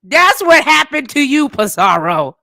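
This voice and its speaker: A woman hosting a casual livestream, telling stories and commenting in a blunt, profane, animated way. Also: high-pitched, a little slow, gravelly. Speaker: livestream host.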